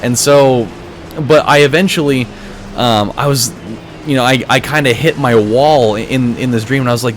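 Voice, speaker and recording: A man's voice: medium pitch, moderate pace, a little hiss or hum. Rambling young man telling a story. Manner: rambling, many restarts, swears freely. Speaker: let's play host. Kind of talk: casual gameplay commentary, telling a dream.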